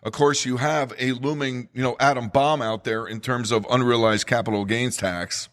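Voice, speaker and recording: A man's voice: mid-range voice, fairly even intonation, moderate pace, a bit bright. A middle-aged man with a New Jersey accent hosting a solo economics podcast, speaking emphatically and urgently and repeating figures for stress. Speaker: podcast host.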